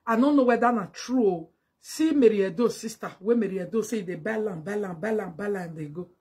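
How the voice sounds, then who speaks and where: A woman with a Nigerian accent delivering a mocking, scolding monologue to camera, slipping into Pidgin and breaking into loud exclamations. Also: mid-range voice, slightly rough. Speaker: vlogger. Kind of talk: casual direct-to-camera monologue.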